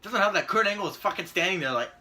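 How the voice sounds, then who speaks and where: A man's voice: sits high, expressive, quick pace, bright, forceful tone. A man giving a profane, sarcastic ranting video commentary as a vlogger.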